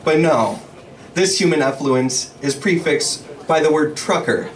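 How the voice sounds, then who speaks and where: A young man doing his first stand-up set in a small bar, with a measured, deadpan delivery. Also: fairly high pitch, a little hiss or hum. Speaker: first-time stand-up comedian. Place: small bar comedy stage. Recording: distant mic with loud crowd laughter.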